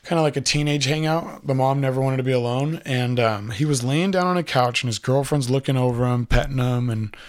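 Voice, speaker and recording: A young man recounts a personal story in casual, rambling speech. He leans on filler words and swears freely. His voice sits at an ordinary mid pitch. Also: brisk, few pauses.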